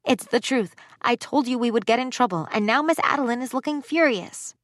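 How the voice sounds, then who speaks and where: A woman's voice: on the high side, a little fast, a bit bright, dry recording, studio quality, pitched above the performer's own voice, lightly acted. A woman voicing an earnest, worried young girl who speaks in a pleading, defensive way in an audiobook.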